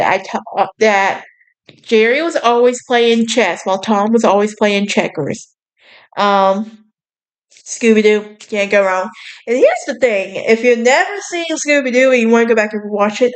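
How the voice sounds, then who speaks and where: A woman's voice: on the high side, clean tone. Chatty young woman with a Southern lilt. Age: young adult. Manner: chatty, sassy, bubbly with frequent fillers. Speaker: podcast host. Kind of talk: casual chat.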